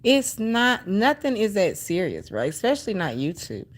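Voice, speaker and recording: A woman's voice: medium pitch, very animated, normal speed. A middle-aged woman hosting a casual livestream, talking emphatically and with sass, repeating her points and answering viewer comments. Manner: emphatic, preachy, sassy, repeats herself. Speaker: livestream host.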